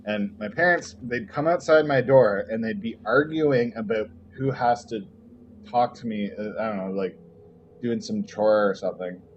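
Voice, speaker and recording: A young man streams a game while telling a rambling personal story packed with fillers and swearing. His voice sits lowish at a moderate pace. The dull lo-fi mic picks up slight background noise and faint game music.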